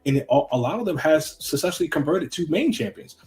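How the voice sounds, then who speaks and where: A man guest on a podcast, talking earnestly and casually, repeating phrases as he goes. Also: quick pace. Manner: earnest, repeats himself, goes high when excited.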